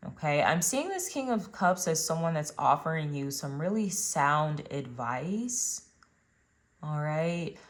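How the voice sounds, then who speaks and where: Low-voiced woman doing a tarot reading. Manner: chatty, addresses viewers directly with many fillers. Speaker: tarot reader. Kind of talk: casual tarot card reading.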